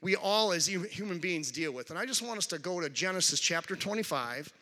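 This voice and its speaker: A man's voice: sits high, lively intonation, a little fast, sharp tone, big-room sound. A male pastor preaching a conversational sermon to his congregation, with frequent restarts and call-outs to the crowd. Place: large church hall.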